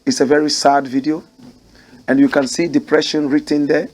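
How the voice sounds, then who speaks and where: A Ghanaian man commenting on the news in a lively, preacher-like way, and his voice sits a little higher than most men's. He leans hard on key words and repeats them for weight. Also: moderate pace. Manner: animated, preacher-like, repeats phrases for emphasis. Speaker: commentary show host.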